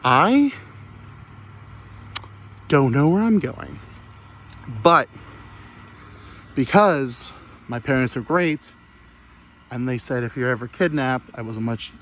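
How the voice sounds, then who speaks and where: A young man rambles through a crude comic story, mocking himself as he drifts from tangent to tangent. His voice sits at an ordinary middle pitch. A faint background noise runs under the recording. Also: expressive, measured pace, pauses often. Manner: crude, self-mocking, digressive. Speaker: podcast host.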